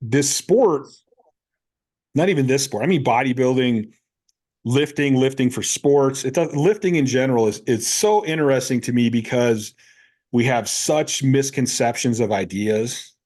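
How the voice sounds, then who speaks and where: A man in his fifties, a powerlifting coach, talks casually on a podcast. He tells stories with energy and acts out both voices in the conversations he recounts, in a voice of ordinary pitch for a man. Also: unhurried. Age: 50s. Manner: animated storyteller who acts out both sides of conversations.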